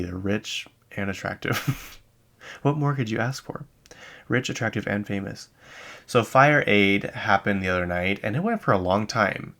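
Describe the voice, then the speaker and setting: Man, podcast host, casual chat, deep, gravelly, rambling, self-correcting. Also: a bit bright. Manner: chatty and rambling, with many asides and self-corrections. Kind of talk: casual chat about pop music news. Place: lives in Utah.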